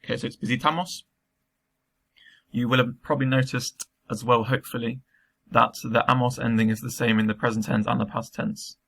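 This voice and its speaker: A man's voice: medium pitch, little pitch movement, a little fast, gravelly, fairly bright tone. A man teaching a recorded remote lesson, explaining patiently step by step with frequent ums.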